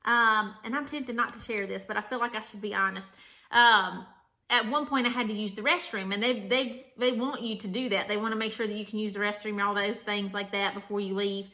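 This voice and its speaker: Bright-voiced chatty young woman. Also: medium pitch, fairly quick. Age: young adult. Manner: chatty, animated, candid, laughing. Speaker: vlogger. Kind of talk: casual storytelling to camera.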